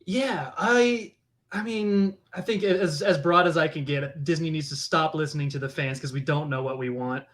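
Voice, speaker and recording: A man's voice: a little high, moderate pace, fairly bright tone. A man appearing as a podcast guest in casual chat, speaking hesitantly with frequent restarts.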